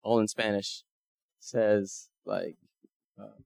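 Man, slightly low voice, casual storyteller, animated, dry sound. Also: takes it slowly, gravelly, no room sound. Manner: animated, acts out quoted dialogue. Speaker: mission trip member sharing photos.

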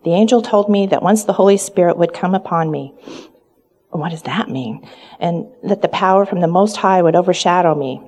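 A woman's voice: lowish voice, normal speed, darkish tone. Earnest woman telling a story in first person. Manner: earnest, wondering, reverent. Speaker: storyteller in character. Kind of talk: first-person dramatic monologue.

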